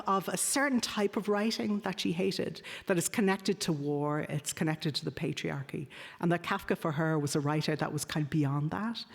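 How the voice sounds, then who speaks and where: Low-voiced woman lecturing in a hall. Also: normal speed, creaky. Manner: many ums and uhs, self-correcting. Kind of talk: academic lecture.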